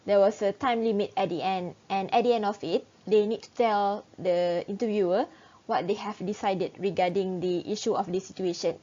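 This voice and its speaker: A woman's voice: mid-range voice, moderate pace. Young woman reading a presentation. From Malaysia. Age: young adult. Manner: steady, read-aloud delivery with small restarts. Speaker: student presenter. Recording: dull lo-fi recording.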